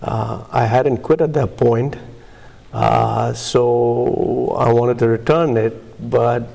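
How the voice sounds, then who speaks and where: A man telling his personal recovery story in a halting way, with many fillers and pauses. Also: mid-range voice, level tone, creaky, mellow. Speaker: recovery meeting speaker. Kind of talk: personal testimony.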